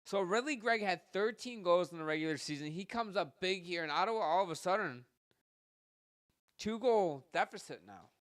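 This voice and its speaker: A man giving live hockey play-by-play from home, rattling off passes and shots and getting louder on goals, with casual asides to his listeners. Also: high-pitched, animated, normal speed, dry recording. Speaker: podcast host doing live play-by-play.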